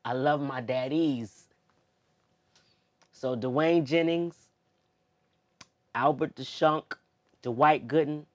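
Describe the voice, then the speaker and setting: A young adult man as an interview guest, speaking heartfelt and expressive, moving between loud emphasis and soft, near-tearful moments. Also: mid-range voice, extremely slow, long pauses. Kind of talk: emotional personal interview.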